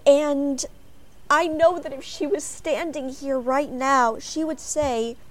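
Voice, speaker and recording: A woman from Chicago with an American accent, telling animated stories as a fan on a panel before a live audience. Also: sits high, slow. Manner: expressive, animated storytelling.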